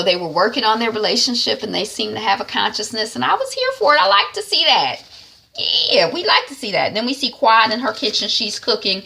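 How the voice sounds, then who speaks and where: A woman talking through a TV episode recap in a chatty, rambling way, with animated asides. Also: medium pitch, creaky, slightly rough. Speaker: reality TV recap vlogger. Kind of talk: casual recap chat.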